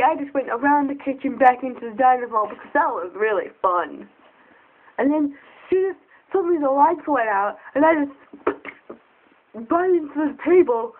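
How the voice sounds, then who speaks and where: A young girl telling funny stories to camera, giggly and excitable, often jumping into squeaky voices. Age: child. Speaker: storyteller. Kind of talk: casual storytelling to camera. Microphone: phone. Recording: tinny phone recording.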